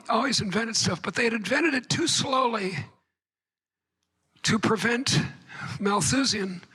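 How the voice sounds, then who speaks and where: A woman's voice: medium pitch, a bit bright, husky, low-quality recording. A woman giving a conference keynote lecture to a live audience, wry and digressive, with joking asides. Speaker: keynote speaker.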